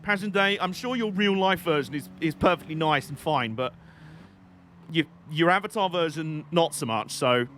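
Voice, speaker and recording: A man's voice: a little high, moderate pace, fairly bright tone, a little hiss or hum. A young man giving rambling, jokey live commentary while playing a racing game on stream. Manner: jokey, rambling, chatty banter.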